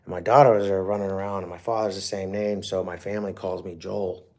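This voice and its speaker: A middle-aged man with a very low, gravelly voice tells a long personal story on his livestream. He rambles and swears with feeling, and his talk is full of fillers and restarts. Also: flat delivery, fast, darkish tone. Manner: profane, emotional, with frequent fillers. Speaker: livestream host.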